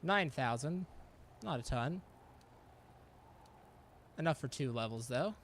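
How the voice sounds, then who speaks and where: A man giving relaxed commentary over his gameplay, at an ordinary middle pitch. He chats away, laughs often and answers back to the characters on screen, with a faint hiss of noise behind him. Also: slow. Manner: chatty, laughs often, talks back at the game. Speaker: gameplay streamer.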